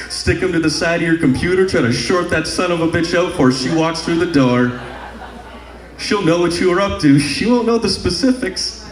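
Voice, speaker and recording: A young man doing a crude stand-up comedy set on a club stage, rambling into a handheld mic with sung bits. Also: a little high. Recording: echoey live club room.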